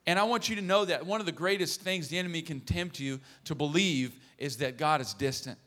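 A man in his thirties gives a sermon with a bright, forward tone and a voice a little higher than most men's. He speaks earnestly and throws in joking asides to the congregation. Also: brisk. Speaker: pastor.

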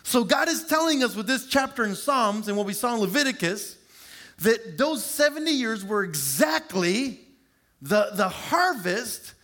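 A middle-aged male pastor preaching a sermon, animated and confessional, joking with his congregation and stretching words out for emphasis. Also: a little slow. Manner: animated and confessional, draws out words, shifts pitch sharply for emphasis; lively, joking asides to the congregation.

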